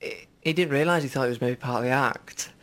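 A man co-hosting a light radio comedy show, with a bright, forceful tone. He rambles through a story, laughing often and putting on silly voices for the quotes. His talk is loose and chatty, full of restarts. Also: mid-range voice, fast. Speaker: radio co-host. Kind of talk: casual comedic news chat.

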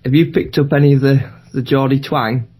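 A man's voice: medium pitch, fairly even intonation, brisk, darkish tone, slightly rough. A young man with a Manchester accent co-hosting a podcast, teasing his friend in dry casual chat over a video call. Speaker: podcast co-host.

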